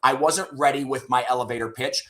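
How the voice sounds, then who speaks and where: A middle-aged man, a sales leader appearing as a guest on an interview show, speaks at a medium pitch, a little quickly, with a fairly bright tone. He tells stories candidly, swearing casually and often closing his points with "right?" in storytelling interview talk.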